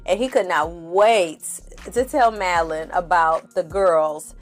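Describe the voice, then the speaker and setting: A woman's voice: fairly low pitch, takes it slowly, soft background music. A woman hosting a casual reality TV recap, laughing often, swearing freely and calling her viewers "y'all" and "honey.". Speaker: TV recap host.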